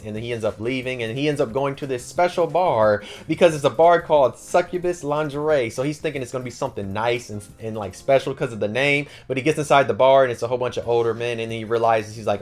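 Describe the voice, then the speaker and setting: A man hosting an anime channel, recapping a story in a slangy, offhand way, packed with "like" and "yo". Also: mid-range voice. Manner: rapid and slangy, full of "like" and "yo".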